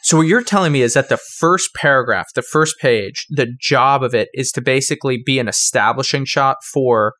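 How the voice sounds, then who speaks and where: A man's voice: medium pitch, normal speed, few pauses, fairly bright tone, no room sound. A man hosting a podcast interview, asking brief questions and summing up the guest's points. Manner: brief, prompting questions and summaries. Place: indoor room shared with the guest.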